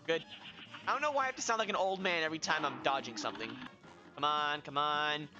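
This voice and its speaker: Excitable young man yelling over gameplay. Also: a little high, very fast. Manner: excitable, yelling, self-mocking. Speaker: gaming video host. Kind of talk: live let's-play commentary. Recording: dull lo-fi with game music behind.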